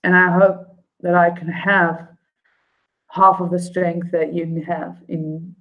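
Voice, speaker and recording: A woman chats casually on her live stream in a slightly low voice. She rambles and speaks from the heart, with plenty of fillers between her thoughts. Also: level tone, slow, phone-quality sound. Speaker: YouTube vlogger.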